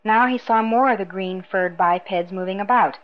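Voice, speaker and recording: A woman reading a novel aloud in a measured, even narration. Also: mid-range voice, dull audio. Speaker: audiobook narrator. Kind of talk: scripted narration.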